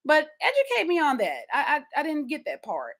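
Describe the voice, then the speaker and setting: Bright, animated woman podcast host. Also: sits high, brisk. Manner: animated and chatty, addresses listeners directly, repeats words when stressing a point. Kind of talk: casual solo chat.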